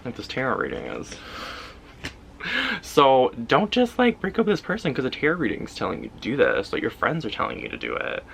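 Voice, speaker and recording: A man's voice: mid-range voice, huge pitch swings, quick pace, gravelly, few pauses, a bit bright, a little hiss or hum, rough recording. A man giving a casual pick-a-card tarot reading, loose and intuitive, often filling his talk with "like". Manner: loose and intuitive, heavy use of "like" fillers. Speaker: tarot reader.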